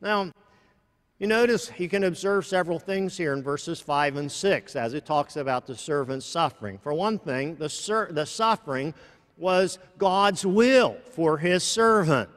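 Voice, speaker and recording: Man, preacher, sermon, slow and deliberate, fairly high voice, long church reverb. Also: animated, fairly bright tone. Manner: slow, deliberate, with many restarts. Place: large church.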